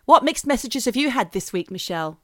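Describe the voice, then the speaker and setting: Woman, from australia, mid-pitched, lively swinging intonation, playful punning, dry close sound. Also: brisk, dry recording. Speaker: podcast co-host. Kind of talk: casual chat.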